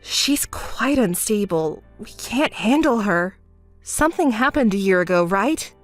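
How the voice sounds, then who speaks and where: A woman narrating a dramatized texting story as the friend, speaking calmly in an exasperated, scolding way. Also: mid-range voice, unhurried, no room sound, soft background music.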